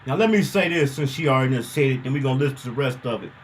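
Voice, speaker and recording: A man's voice: mid-range voice, racing, slight background noise, low-quality recording. A man hosting a news commentary show, talking casually with slang and repeating himself as he makes his point. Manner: animated, repetitive, conversational slang.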